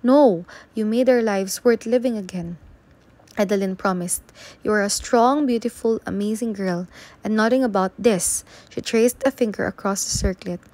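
A woman reading aloud as a gentle adoptive mother, soft and reassuring. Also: mid-range voice, moderate pace, lightly acted. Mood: tender. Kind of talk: audiobook reading.

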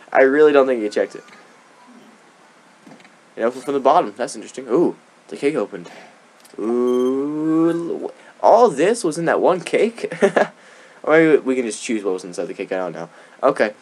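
A man's voice: mid-range voice, lively intonation, moderate pace, pauses often, darkish tone. Giggly young man narrating a game. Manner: giggly, rambling, sarcastic asides. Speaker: let's play gamer. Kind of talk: casual gameplay commentary.

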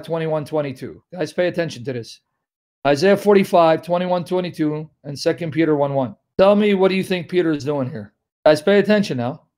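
A man teaching scripture to an online audience, emphatic, repeating key phrases slowly and calling listeners guys. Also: a little high, a little mellow. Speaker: Christian apologist teaching scripture. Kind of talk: live online Bible teaching.

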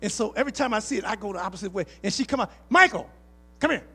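High-voiced pastor preaching with swing. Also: male voice, rapid-fire, husky. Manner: preacher's call-and-response, folksy, rising to emphatic. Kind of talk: sermon with personal stories. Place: church sanctuary.

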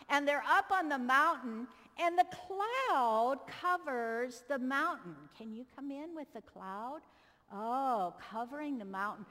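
A woman's voice: on the high side, fairly bright tone. A woman pastor giving a children's sermon in a church, cheerfully coaxing the kids as she directs them through a Bible story. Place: church sanctuary. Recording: long echo of a large church.

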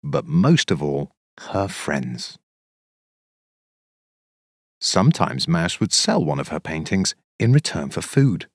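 A man narrating a children's storybook in an expressive, measured, sing-song way. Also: a bass voice, no echo, clean studio sound.

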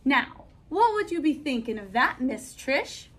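A gentle, encouraging male schoolteacher from a storybook, voiced by a woman reading aloud. He speaks slowly and kindly in a fairly high voice, coaxing a shy pupil along. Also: very animated, heavily acted.

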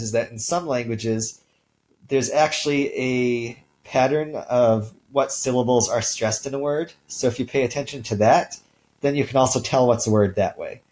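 Man giving a relaxed recorded lecture. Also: mid-range voice, rough recording. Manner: relaxed, many ums and uhs, clears throat. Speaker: linguistics instructor.

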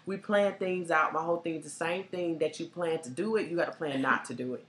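A woman in candid casual chat, telling a story with lively quoted voices. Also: low-pitched, brisk. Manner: animated storyteller acting out quotes. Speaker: co-host. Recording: roomy echo.

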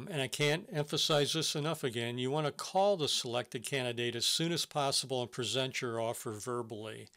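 A man's voice: medium pitch, sharp tone. A man presenting a business webinar, giving earnest step-by-step advice on hiring with some fillers and restarts. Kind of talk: instructional webinar talk.

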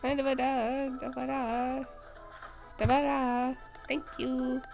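A woman's voice: high voice, little pitch movement, slow, gravelly, darkish tone, soft background music, voice pushed up, full character voice. A woman voicing a dismissive gatekeeper who hands out clipped verdicts on who may pass. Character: curt gatekeeper judging who enters the afterlife.

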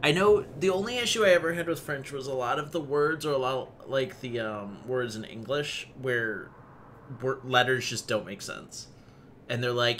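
A young man talks through a game on a live stream in a loose, chatty way, cursing often and reading notes aloud. His voice is bright and pushed forward at a middling pitch. A faint hiss sits under the recording. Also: moderate pace. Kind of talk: casual live-stream commentary.

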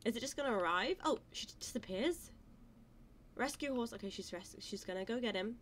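Woman gaming host, fairly high voice, casual let's-play chatter, coos and gushes over cute animals. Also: lively intonation, fairly quick, fairly bright tone, slight background noise.

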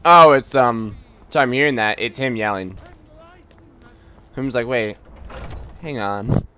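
A man's voice: mid-range voice, measured pace, sharp tone, smooth, lo-fi sound. A man giving chatty, self-mocking commentary while playing a game. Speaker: let's-play host. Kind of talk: casual gaming commentary.

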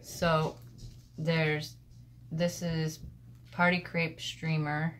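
A woman at her home craft desk chatting casually and excitedly as she shows off mail she received, picked up by a camera on the desk. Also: sits low, extremely slow, a little hiss or hum. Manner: gushing, excitable, rambling. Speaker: crafting vlogger.

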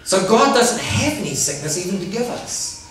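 A high-voiced man preaches in a lively, playful way, laughing at his own jokes and pressing his listeners for amens. His voice comes from some way off the mic in a very echoey church hall. The congregation answers him now and then. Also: normal speed, recorded from a distance. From New Zealand. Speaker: pastor. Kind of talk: sermon.

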